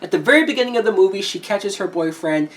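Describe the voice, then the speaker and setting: A woman reviewing a movie in a heated, profane rant, with sudden shouted peaks. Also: medium pitch, animated, fast talker, recorded from a distance. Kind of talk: ranting film review.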